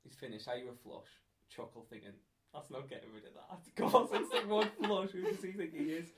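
Podcast host, man, casual and crude, slightly higher voice, laughs through his stories. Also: big pitch swings, brisk, fairly bright tone. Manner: crude, laughing anecdote teller. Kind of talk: casual storytelling chat.

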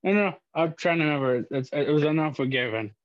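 A man co-hosting a casual podcast chat, excitable and joking, jumping in often with wrestling talk. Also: a little high, fast, dry recording, muffled recording. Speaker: podcast co-host.

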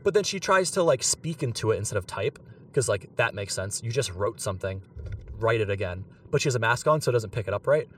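A young man from Pittsburgh telling an animated story on a podcast, laughing and using many fillers. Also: on the low side, fast, slight background noise. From Pittsburgh, USA. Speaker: podcast co-host. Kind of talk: casual storytelling. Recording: a bit far from the mic.

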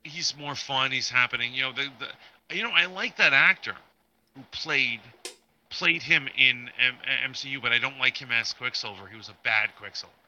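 A man's voice: medium pitch, normal speed, sharp tone, dull audio. A man co-hosting a casual pop-culture podcast, talking in a chatty, rambling way about rumors. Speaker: podcast co-host.

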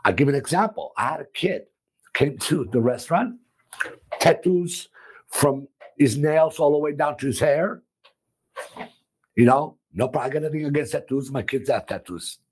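A man from Italy, a restaurant owner, talking emphatically and loudly, repeating himself in an animated interview. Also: a little high, normal speed, long pauses, husky. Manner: emphatic, repetitive, loud and expressive.

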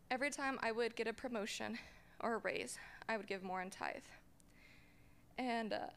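A woman's voice: on the high side, a bit bright. A young woman giving a personal testimony in church on a handheld mic, hesitant and full of fillers. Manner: hesitant, with fillers, tearful at moments. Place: church sanctuary.

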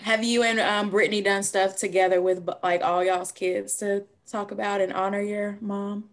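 A woman's voice: mid-range voice, flat delivery, moderate pace. A woman co-hosting a casual interview, chatty and encouraging, often laughing along with the guest. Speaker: co-host.

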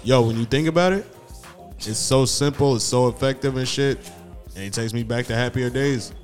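A man's voice: medium pitch, normal speed, a little mellow, faint music behind. A man telling stories in a laid-back, profane way during a casual chat. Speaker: podcast co-host.

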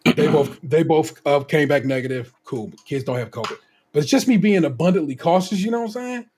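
A man co-hosting a podcast, telling stories in a profane, animated way in a casual chat. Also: a little high, fairly quick, a little hiss or hum. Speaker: podcast co-host.

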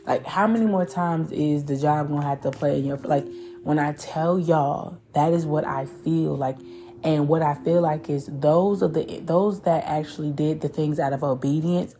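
A woman giving a casual, profane spiritual tarot reading, animated and acting out voices. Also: sits low, normal speed, a little hiss or hum. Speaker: tarot reader.

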